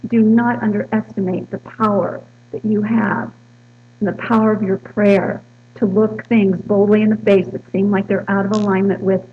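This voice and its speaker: A woman's voice: mid-range voice, little pitch movement, normal speed, narrow, tinny audio. A woman minister preaching a sermon and leading the congregation in bold affirmations. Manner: bold, rousing, leads call-and-response. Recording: distant mic with mains hum in a hall.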